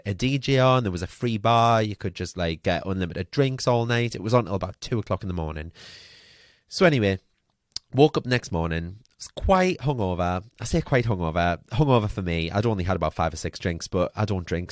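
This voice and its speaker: A man from Newcastle, hosting a podcast and telling a story in a chatty, animated way with lots of fillers. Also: fairly low pitch, no room sound, studio quality. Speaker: podcast host. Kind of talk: casual storytelling monologue.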